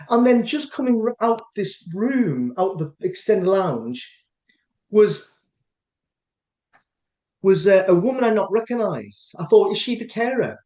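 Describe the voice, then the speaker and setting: High-voiced Scottish man telling stories. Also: measured pace, pauses often. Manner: rambling, animated anecdote-telling with frequent restarts. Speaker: podcast host. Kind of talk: casual storytelling chat. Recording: echoey room, dull lo-fi sound.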